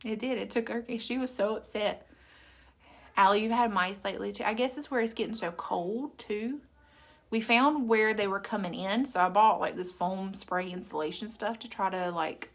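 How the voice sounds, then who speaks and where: A woman hosts a casual live stream. She chats freely, reads viewer comments out loud and laughs often. Her voice is bright and forward. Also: mid-range voice. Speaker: makeup seller livestream host.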